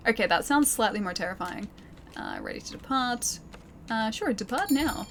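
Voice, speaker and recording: A woman's voice: a little high, expressive, moderate pace, fairly bright tone, a little hiss or hum. An Australian woman streaming a game, chatting casually with her viewers and laughing often. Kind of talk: casual live-stream chat while gaming.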